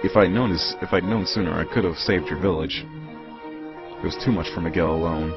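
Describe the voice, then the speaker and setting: A man voicing a stern grown male guardian in a game playthrough, speaking in a grave, measured way. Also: low-pitched. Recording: muffled capture with game music.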